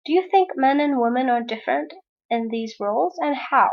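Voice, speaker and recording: High-voiced woman teacher explaining a lesson. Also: animated, normal speed, highs cut off. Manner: clear, patient explaining to students. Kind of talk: recorded online lesson.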